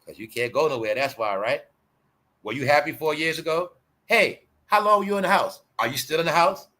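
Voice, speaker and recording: A man hosting his own channel, delivering a confrontational, profane commentary rant straight at his viewers, mocking and repeating himself, pushing his voice toward a shout at times. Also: on the high side, fairly quick. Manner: raises voice to near shouting at times. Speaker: channel host.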